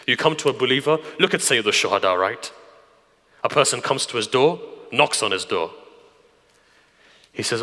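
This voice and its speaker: A man preaching a sermon through stories, dropping to hushed whispers and then rising to loud emphasis. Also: mid-range voice, animated, normal speed, pauses often. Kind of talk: sermon storytelling. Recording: long hall reverb.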